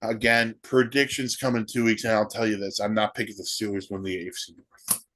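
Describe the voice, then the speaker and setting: Ranting sports podcast host. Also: male voice, lowish voice, little pitch movement, a little fast, fairly bright tone, slight background noise. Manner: ranting, rhetorical questions. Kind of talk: solo sports podcast commentary.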